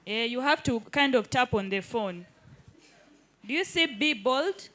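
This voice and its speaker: A woman's voice: fairly high pitch, animated, unhurried, pushed and bright. A woman teaching a live hands-on workshop in an indoor training room, keeps checking that the group follows. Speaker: digital skills trainer.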